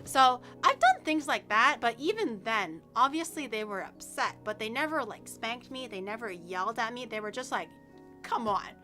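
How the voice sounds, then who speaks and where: A woman streamer telling stories in casual chat, animated and laughing often. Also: on the high side, moderate pace, hardly any pauses, faint music behind.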